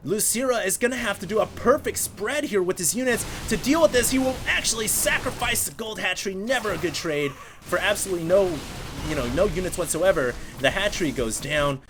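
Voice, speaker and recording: Male esports caster, high-pitched, energetic play-by-play, excited bursts, chatty asides to viewers. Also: a little fast, noisy background. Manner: energetic, bursts into excited exclamations at big plays. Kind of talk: solo play-by-play commentary of a game replay.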